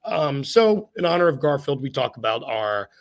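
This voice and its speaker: A man's voice: medium pitch, big pitch swings, moderate pace. A young man hosting a podcast in casual chat, rambling and joking at his own expense. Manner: jokey, rambling, laughs at himself. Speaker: podcast host.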